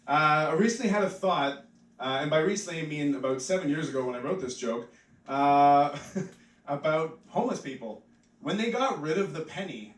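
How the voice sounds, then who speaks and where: A man's voice: on the high side, distant mic. A man doing live stand-up comedy in a pub, rambling and offhand, with many "like" fillers. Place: pub stage, live audience. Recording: echoey pub mic heard from afar.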